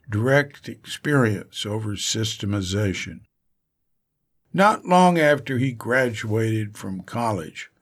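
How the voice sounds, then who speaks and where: Male audiobook narrator, mid-pitched, unhurried, measured reading. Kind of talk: scripted narration.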